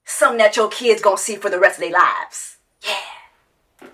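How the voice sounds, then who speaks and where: A woman's voice: medium pitch, normal speed, a bit bright. A woman, giving a sassy, profane reality TV reaction commentary that mocks its subject and breaks into sung quacking. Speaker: commentary host.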